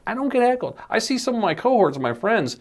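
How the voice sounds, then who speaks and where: Comedian guy on a podcast, voice bouncing all over, laughs a lot, does loud silly voices. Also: sits high, sing-song, fairly quick. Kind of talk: casual chat.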